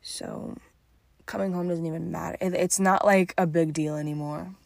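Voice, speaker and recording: A tired young woman talking calmly and softly in a casual solo podcast, late at night at home. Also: fairly low pitch, normal speed, vocal fry, no echo. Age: young adult. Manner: calm and soft-spoken. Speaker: podcast host.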